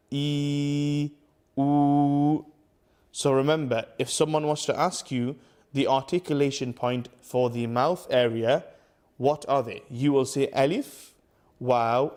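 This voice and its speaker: A man teaching Quran recitation to camera, patiently repeating letter sounds slowly for the viewer. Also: medium pitch, a little mellow. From United Kingdom. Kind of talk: tajweed lesson to camera.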